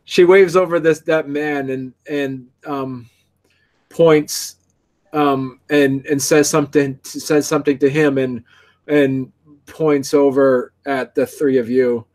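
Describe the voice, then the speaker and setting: A man narrating a tabletop game as game master, halting and full of restarts. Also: medium pitch, steady tone, darkish tone.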